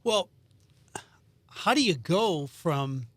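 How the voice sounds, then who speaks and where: Higher-voiced man hosting an interview. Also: expressive, slow, fairly bright tone, dry recording. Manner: casual, asks questions, chimes in. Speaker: podcast host. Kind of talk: conversational interview.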